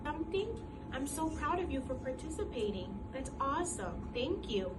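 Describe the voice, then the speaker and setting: A woman teacher doing an interactive read-aloud with children, speaking in an animated, encouraging way. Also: high-pitched, normal speed, far from the mic, very noisy.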